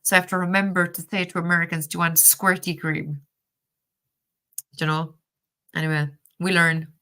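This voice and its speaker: Lively Cork Irish woman, bright voice. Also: lowish voice, normal speed. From Ireland. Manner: chatty, laughs often, swears casually. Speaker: tarot deck reviewer reading live chat. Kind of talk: casual live-stream chat.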